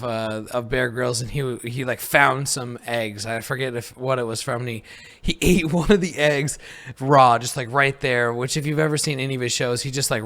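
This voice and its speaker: A man's voice: medium pitch, fairly bright tone. A young man hosts his podcast alone and tells a loose, rambling story. His voice sits in a mid range. He swears freely and laughs through the funny parts. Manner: laid-back, profane, laughs through his stories. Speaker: podcast host. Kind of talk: casual storytelling monologue.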